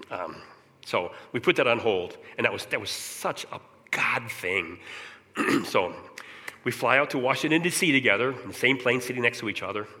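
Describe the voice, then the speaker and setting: A middle-aged man giving an earnest personal testimony in church, often clearing his throat as he talks. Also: mid-range voice, lively intonation, moderate pace, sharp tone. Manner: earnest, candid storytelling. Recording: long reverb of a large hall.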